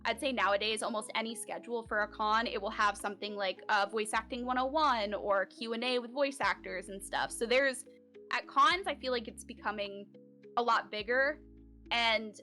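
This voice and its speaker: A woman's voice: fairly high pitch, normal speed, bright, forceful tone, faint music behind. A woman from Central Florida, a voice actor, chatting casually in an interview with lots of "like" and "um" fillers. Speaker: voice actor guest. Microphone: home recording setup.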